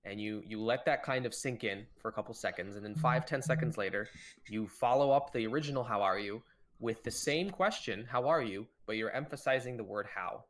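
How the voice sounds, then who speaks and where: A young man co-hosting a podcast in casual chat, animated, acting out quoted lines with shifts in his voice. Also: fairly quick. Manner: animated, shifts pitch to act out quoted dialogue. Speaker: podcast co-host.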